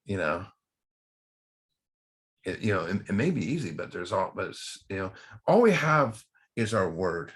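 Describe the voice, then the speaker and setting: A man's voice: low voice, very animated, unhurried, pauses often. A man speaking to a recovery study group in a casual, rambling way with many restarts. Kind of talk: casual talk.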